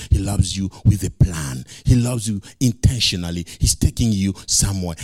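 A man's voice: fairly low pitch, dark tone, husky, no echo, studio quality. A male pastor preaching a sermon, emphatic and repeating key phrases.

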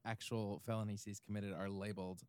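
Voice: deep voice, little pitch movement, brisk, darkish tone, clear, resonant tone, dry recording, studio quality. A podcast co-host in casual chat, making wry, jokey asides.

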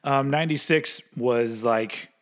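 A man's voice: medium pitch, a little slow. Chatty man who laughs a lot. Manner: rambling, laughs often, swears casually. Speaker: podcast co-host. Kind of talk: casual chat.

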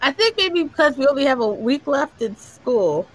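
A woman's voice: high voice, very animated, normal speed, a little hiss or hum, poor audio. A woman hosting a casual group chat among parents, telling stories and laughing often. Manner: laughs often, chatty storytelling. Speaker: parent support group host.

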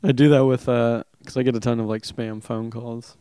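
Rambling, playful young man, smooth voice. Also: mid-range voice, steady tone, moderate pace, mellow, no echo. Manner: rambling storyteller, playful, laughs often. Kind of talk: casual chat.

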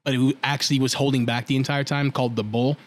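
A man's voice: mid-range voice, fast talker. A man co-hosting a comedy podcast, swearing freely and acting out characters' lines as he recaps. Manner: profane, animated, acts out characters' lines. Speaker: podcast co-host. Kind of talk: casual comedy chat.

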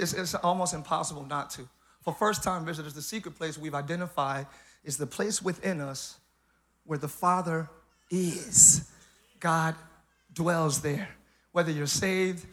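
Male pastor, live church sermon, joking, hyped, shouting asides, high bright voice. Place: church service.

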